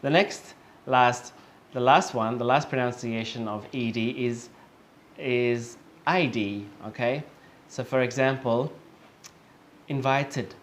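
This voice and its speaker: A man teaching English, speaking slowly and patiently, repeating example words several times and checking in with "okay?" often. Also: mid-range voice, slight background noise. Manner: slow and patient, with many fillers and checks of "okay?". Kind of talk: online lesson.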